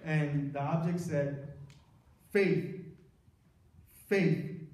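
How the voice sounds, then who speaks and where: A middle-aged man giving an earnest personal testimony to a church congregation, telling his story with dramatic pauses. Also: fairly high pitch, warm tone. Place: large church sanctuary. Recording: very echoey church, mic far off.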